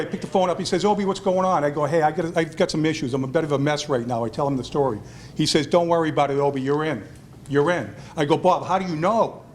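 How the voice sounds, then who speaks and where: A man's voice: a little high, slight background noise. Man giving a self-deprecating acceptance speech. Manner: self-deprecating, animated storytelling, acts out quoted voices. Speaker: hall of fame inductee giving a speech. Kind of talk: acceptance speech telling a story. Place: restaurant event hall.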